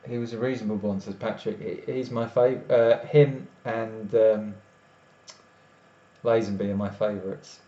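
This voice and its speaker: Speaking in a steady, unhurried voice that sits on the low side with a dark tone, a weary man chats loosely with his live stream audience. His room echoes, and the lo-fi sound is muffled with a bit of faint noise.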